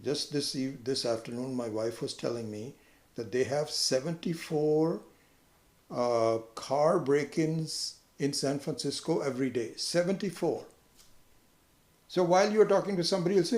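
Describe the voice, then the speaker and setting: A man giving a conversational lecture on scripture, who now and then jumps into a much higher voice when acting out what other people say. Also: normal speed, a little mellow, reverberant. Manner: conversational, acts out quoted people with sudden high pitch. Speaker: spiritual teacher.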